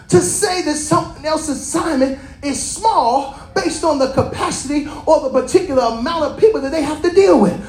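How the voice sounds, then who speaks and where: A preacher giving a lively, colloquial sermon, repeating phrases and calling out to the congregation. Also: high-pitched, normal speed, hardly any pauses, echoey room.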